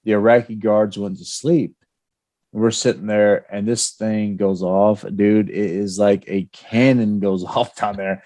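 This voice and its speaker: A man co-hosting a veterans' podcast, telling old army stories in a casual, animated way. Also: on the low side, unhurried. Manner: storytelling, animated, with laughs. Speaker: podcast co-host.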